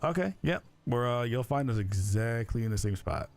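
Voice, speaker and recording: A man chatting in character during an online roleplay stream, rambling and halting with lots of fillers. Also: mid-range voice, animated, gravelly, a little mellow, soft background music.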